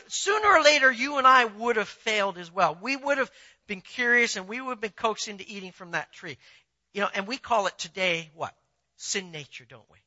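Man, pastor, sermon, lively swinging pitch, conversational preaching, muffled lo-fi recording. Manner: animated, conversational preaching with rhetorical questions. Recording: dull lo-fi sound.

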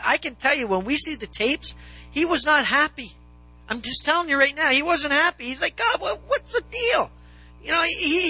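Animated high-voiced male preacher. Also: poor audio. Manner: animated, rising to near-shouts in dramatized questions. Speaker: pastor. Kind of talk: sermon. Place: church sanctuary with congregation.

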